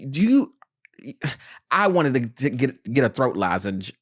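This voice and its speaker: A podcast host in casual film review chat, animated and joking with quick asides. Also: medium pitch, no room sound, studio quality.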